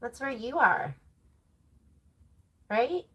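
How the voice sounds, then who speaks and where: A woman's voice: a little high, big pitch swings, extremely slow, husky. A woman presenting a sewing stream from her home sewing room, chatting in a rambling way with laughing asides. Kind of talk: casual livestream chat.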